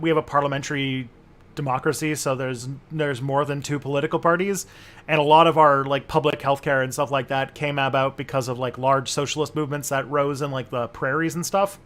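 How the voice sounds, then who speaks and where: A man's voice: fairly high pitch, steady tone, normal speed, fairly bright tone. A Canadian man co-hosting a casual political chat, rambling and restarting as he thinks aloud. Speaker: co-host.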